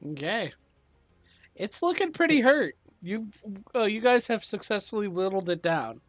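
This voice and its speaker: A woman's voice: medium pitch, very animated, normal speed, dry recording. A woman narrating a tabletop game as game master, often laughing as she goes.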